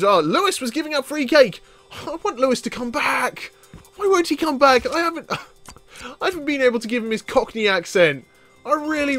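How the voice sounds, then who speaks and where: A man commentating on a let's play in a chatty, excitable way, laughing often. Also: high-pitched. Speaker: gaming video host.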